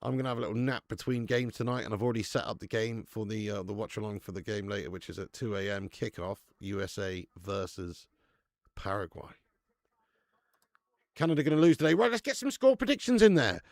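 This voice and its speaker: Male streamer, gravelly and dry-sounding; laddish live chat host who reads out viewers' names. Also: fairly low pitch, animated, a little fast, no echo. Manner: chatty and laddish, reading out viewer names, laughs often. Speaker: watch-along host.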